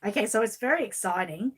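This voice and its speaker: An Australian woman hosting a live stream, opening a gift box and talking warmly and emotionally to her viewers in casual chat. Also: on the high side, husky. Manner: gushing, emotional, talks to viewers. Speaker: channel host unboxing a gift.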